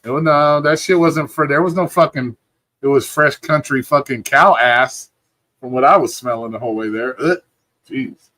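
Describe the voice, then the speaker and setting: A laid-back man rambles through casual stream chat, cursing freely and sounding sleepy. His voice sits at an ordinary pitch and comes across dry and close, with no room sound around it. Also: normal speed, pushed and bright, dry recording. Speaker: livestream host. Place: at home.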